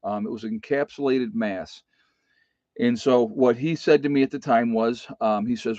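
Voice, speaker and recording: A man's voice: mid-range voice, moderate pace, darkish tone, no echo. Man telling a personal story. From United States. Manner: rambling, repeats phrases, addresses folks directly. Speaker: homestead channel host. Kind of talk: casual personal storytelling to viewers. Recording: dry, slightly dull home recording.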